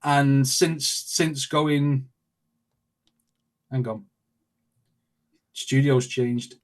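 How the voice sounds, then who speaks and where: A man's voice: mid-range voice, steady tone, extremely slow. A man chatting as an interview guest, telling stories animatedly with quoted asides. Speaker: guest, reaction video creator. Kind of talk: casual interview chat.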